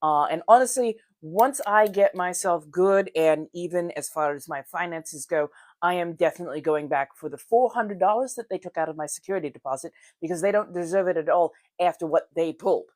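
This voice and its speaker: Speaking a little fast in a lowish voice, a woman from the US chats on a casual livestream as she does her makeup. She greets viewers by name warmly and laughs frequently, and the audio is studio quality with no room sound.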